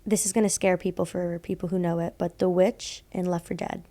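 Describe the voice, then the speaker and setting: A woman's voice: lowish voice, flat delivery, brisk, dark tone. A young woman co-hosting a podcast, telling a story in a rambling casual way, full of fillers and laughing at herself. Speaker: podcast co-host telling ghost stories.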